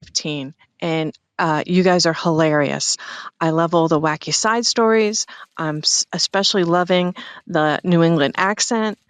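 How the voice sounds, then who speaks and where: A woman's voice: fairly low pitch, a little slow, clean tone, no echo. A woman from New Jersey leaving a friendly, chatty voicemail for a podcast. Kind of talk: recorded voicemail message.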